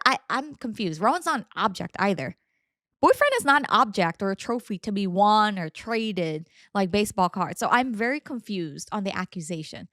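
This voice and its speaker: A woman's voice: medium pitch, lively intonation, brisk, fairly bright tone, dry recording. A young woman hosts a casual story podcast, reading posts and breaking off into dramatic, indignant asides. Her voice sits in a middle register. The sound is dry and close, with no room around it. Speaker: podcast co-host reading stories.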